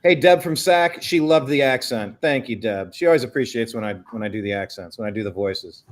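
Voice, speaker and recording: A man's voice: mid-range voice, fairly quick. A man co-hosting a live online show, chatting casually and reading out viewer comments. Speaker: co-host.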